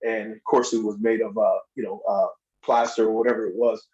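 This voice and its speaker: A man telling wrestling stories as a podcast guest, in a casual, animated way, acting out other people's lines in a raised voice and laughing often. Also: on the low side, fairly quick, lo-fi sound. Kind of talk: casual storytelling.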